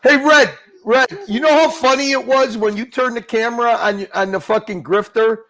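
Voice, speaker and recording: A man's voice: very high-pitched, moderate pace, fairly bright tone, rough recording. A man chatting casually on a livestream panel, teasing the others and laughing a lot. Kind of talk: casual chat.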